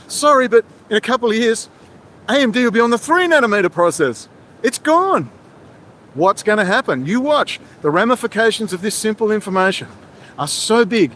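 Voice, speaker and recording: A man hosts a livestream and rants heatedly, with a sarcastic edge that keeps jumping between subjects. His voice sits a little high for a man. Faint outdoor noise from the city comes through behind him. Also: expressive, normal speed, fairly bright tone. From Australia. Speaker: livestream host. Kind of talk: ranting livestream monologue.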